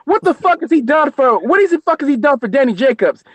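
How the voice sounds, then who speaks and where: A man's voice: very high-pitched, very animated, quick pace. An American man co-hosting a boxing live stream, ranting angrily and cursing nonstop. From United States. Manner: profane, angry, ranting. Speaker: co-host on a boxing show. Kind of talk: heated live-stream rant.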